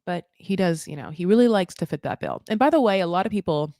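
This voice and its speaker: A woman's voice: fairly low pitch, lively intonation, fast, mellow, no room sound, studio quality. A woman hosting a casual reality TV recap. She talks in a sarcastic, rambling way, swears freely and says "like" a lot. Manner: sarcastic, rambling, profane, lots of "like". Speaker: host of a reality TV recap channel. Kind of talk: casual live recap commentary.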